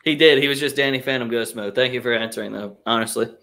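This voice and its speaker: A man's voice: medium pitch, fast talker. A young man hosting a casual live soccer chat, swearing a lot and ranting with strong opinions, sometimes mocking others in put-on voices. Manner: profane, opinionated, animated rants with mocking voices. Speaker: podcast host.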